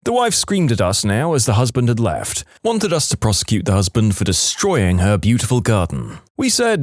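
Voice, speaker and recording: A man narrates short storytime anecdotes with an animated, swinging delivery. He slips into quick put-on voices for the people he quotes. The recording is close and dry, with no room sound. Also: fairly low pitch, no room sound. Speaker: narrator reading stories.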